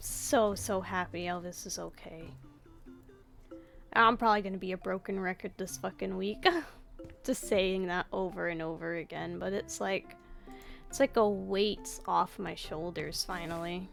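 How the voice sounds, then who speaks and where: A woman's voice: fairly low pitch, measured pace, creaky, faint music behind. A woman chatting casually to herself while playing a game, swearing offhandedly as she goes. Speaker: let's-play gamer. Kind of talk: casual gameplay commentary.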